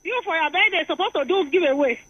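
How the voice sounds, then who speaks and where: A woman's voice: very high-pitched, expressive, quick pace, distant mic, dull audio, a crowd in the background. A woman calling a radio show, teasing and complaining. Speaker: caller.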